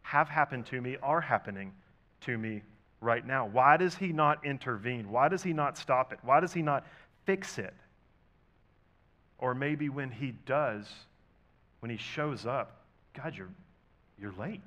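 A pastor preaching a sermon, talking conversationally with rhetorical questions and big swings between loud and soft. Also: male voice, medium pitch, measured pace, long pauses.

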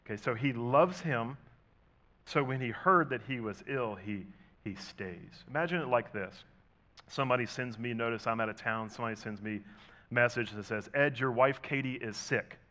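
A man preaches from a church pulpit at a middle pitch, leaning into rhetorical questions. He talks to the congregation like a friend, swinging from loud emphasis to quiet, hushed lines. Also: moderate pace. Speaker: pastor. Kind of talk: sermon.

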